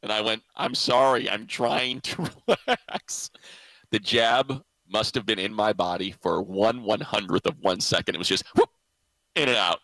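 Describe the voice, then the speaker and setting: A man's voice: lowish voice, moderate pace, pushed and bright, no echo, rough recording. A man hosting a sports radio show, telling a story in casual chat and laughing often. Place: radio studio.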